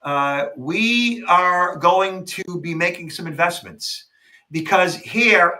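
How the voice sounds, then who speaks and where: High, bright-voiced man telling a story. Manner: animated storytelling, quick and emphatic. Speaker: podcast co-host, security expert. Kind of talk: casual podcast conversation.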